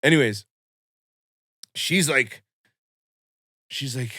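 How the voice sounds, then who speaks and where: A young man telling a long personal story on a podcast in a casual, animated way, full of swearing and fillers. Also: mid-range voice, a little fast, no room sound, clean studio sound. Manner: animated, swearing, lots of fillers, acts out quotes.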